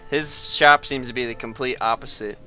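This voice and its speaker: A man's voice: mid-range voice, steady tone, normal speed, bright, forceful tone, soft background music. A man narrating as game master of a tabletop game, rambling casually with lots of "like". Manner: rambling, full of "like" and laughter.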